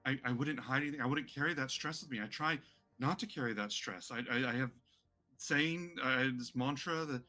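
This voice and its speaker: A man's voice: medium pitch, fairly quick, pushed and bright, natural voice. A man voicing a vain, evasive noble. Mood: defensive. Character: vain, lounging male noble who dodges questions.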